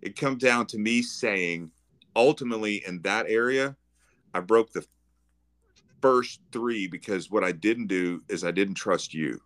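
A man co-hosting a casual faith podcast, speaking in a reflective, thoughtful, somewhat halting way. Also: on the low side, a bit bright. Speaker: podcast co-host.

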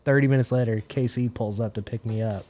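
A man's voice: mid-range voice, fairly even intonation, quick pace, dark tone. Laid-back young man telling a story. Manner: laid-back, swears a lot, leans on "like". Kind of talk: casual storytelling chat.

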